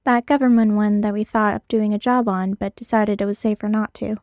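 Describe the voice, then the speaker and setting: A woman's voice: mid-range voice, steady tone, brisk, darkish tone, dry recording, lightly acted. A woman voicing Parker, a blunt, quirky female thief, in a read-aloud story.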